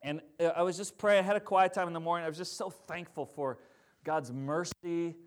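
A man's voice: fairly high pitch, steady tone, brisk, smooth. A male pastor preaching a sermon in a conversational storytelling manner, asking the congregation questions along the way.

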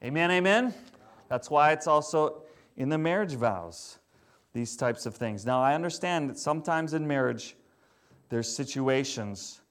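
Conversational preacher with a higher voice. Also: male voice, animated, a little slow, a bit bright. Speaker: pastor. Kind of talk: sermon.

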